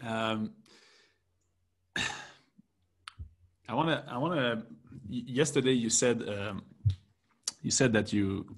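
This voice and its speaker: A man's voice: medium pitch, slow, long pauses. A man co-hosting a podcast, talking reflectively with hesitant restarts. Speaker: podcast co-host. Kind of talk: casual chat.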